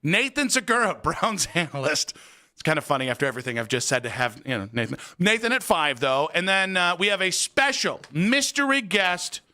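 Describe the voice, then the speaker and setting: A sarcastic American man hosting a sports talk radio show from a studio. His voice sits high, bright and sharp, and his pitch jumps around a lot as he rants and reads plugs. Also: sing-song, brisk. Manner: sarcastic and ranting, reads phone numbers and plugs.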